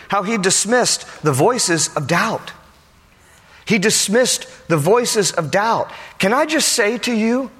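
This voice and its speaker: Male preacher, animated sermon delivery, slightly high voice, reverberant sanctuary. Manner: animated preaching, acting out quotes. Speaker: pastor.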